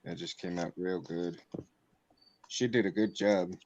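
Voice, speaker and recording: A man's voice: low voice, steady tone, a little slow, background noise. A man chatting casually on a livestream, laid-back and joking.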